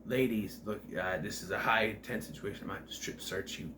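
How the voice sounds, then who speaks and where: A man's voice: lowish voice, a little fast, noisy background, pitched below the performer's own voice, lightly acted. A man doing a sleazy leering soldier. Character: leering lecherous male space marine.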